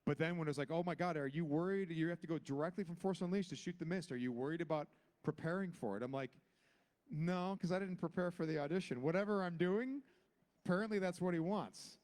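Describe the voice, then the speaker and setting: A man's voice: quick pace, darkish tone. A man in his forties on a convention panel, telling a long anecdote and acting out each character with big jumps in his voice. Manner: acts out every character with big pitch jumps. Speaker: guest actor on a convention panel.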